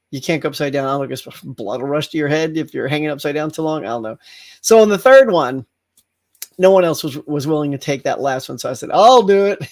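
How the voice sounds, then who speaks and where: A middle-aged man hosting a casual livestream chat, telling stories with lots of laughter and acted-out yells. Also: fairly high pitch. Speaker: host.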